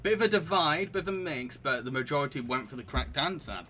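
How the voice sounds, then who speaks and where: A man's voice: a little high, lively intonation, fast, pushed and bright. A man hosting a live-streamed quiz, reading out questions and options and chatting with his audience between laughs. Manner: chatty and giggly, reading out questions and answering chat. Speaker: quiz host.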